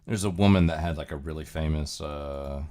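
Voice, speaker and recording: A man hosts a livestream, casually reacting to clips and rambling with plenty of fillers and chuckles. His voice is a mellow, rumbling low, and he keeps a moderate pace.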